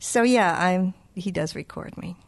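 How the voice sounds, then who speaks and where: A woman's voice: lowish voice, unhurried, creaky. A middle-aged woman with a Boston accent, a children's book author talking in a casual interview, playful and self-mocking.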